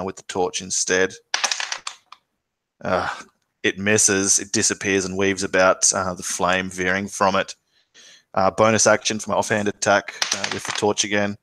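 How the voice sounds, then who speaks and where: A man's voice: sits low, bright, forceful tone. A man playing a tabletop game, narrating his character's actions in dramatic first person between dice rolls. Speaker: player.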